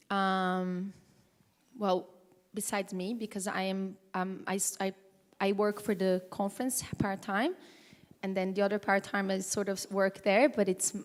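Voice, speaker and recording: A woman giving a live conference talk, speaking conversationally with halting restarts. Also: mid-range voice, darkish tone. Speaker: presenter. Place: conference hall. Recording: long hall reverb.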